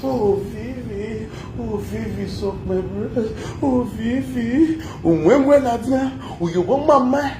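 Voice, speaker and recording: A man with a Nigerian accent putting on a woman who moans slowly in a drawn-out, sighing way. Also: very high voice, pitched above the performer's own voice. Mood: mocking moans. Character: mocked woman moaning, breathy and drawn-out. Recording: echoey room, faint noise.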